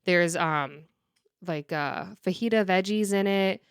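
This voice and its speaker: A woman co-hosting a podcast, chatting casually and telling lively stories with laughs and loud outbursts. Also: on the low side, slow, clear, resonant tone, no echo, clean studio sound. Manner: animated storyteller, loud and laughing. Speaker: podcast co-host. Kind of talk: casual chat.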